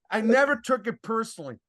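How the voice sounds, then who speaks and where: An older man, a former referee, telling stories in a casual podcast chat and acting out the quoted exchanges. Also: sits high. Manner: animated storyteller, acts out quoted exchanges, chuckles often.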